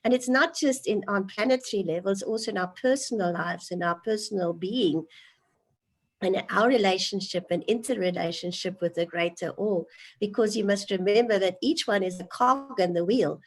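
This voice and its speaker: A woman speaks as a guest on a spiritual interview show. Her voice sits at an ordinary middle pitch, and she talks in an earnest, flowing way with open enthusiasm. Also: normal speed.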